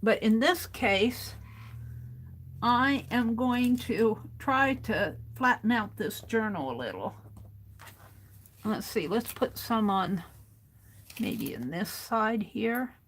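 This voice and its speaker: A woman's voice: on the high side, animated, a little hiss or hum. A woman hosting a casual crafting livestream, talking to herself as she works and drifting from the mic now and then. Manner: unhurried, muttering to herself while working.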